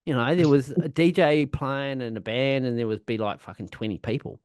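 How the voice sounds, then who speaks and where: Male podcast co-host, casual rambling storyteller, heavy swearing, mid-pitched, dry close sound. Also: normal speed, darkish tone, no echo. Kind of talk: casual chat.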